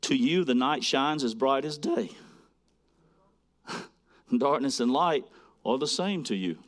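A man preaching a sermon, swinging between loud, emphatic lines and quiet, hushed asides as he reads scripture to a congregation. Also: medium pitch, animated, slow. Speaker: pastor.

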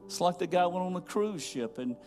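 A man's voice: high voice, animated, fairly quick, darkish tone, soft background music. A male pastor preaching a sermon in a conversational storytelling way that rises to fervent emphasis.

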